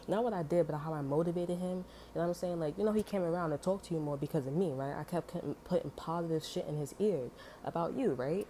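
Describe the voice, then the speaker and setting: A fast-talking woman with a fairly low, mellow voice launches into a heated story, swearing frequently. Her speech is packed with fillers like "you know" and "like," and the audio carries a little hiss or hum.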